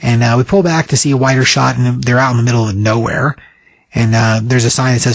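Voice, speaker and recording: Man recapping a comic, rambling, lots of fillers, mid pitch, dry close sound. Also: fairly even intonation, fairly quick, creaky, dry recording. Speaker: comic book reviewer.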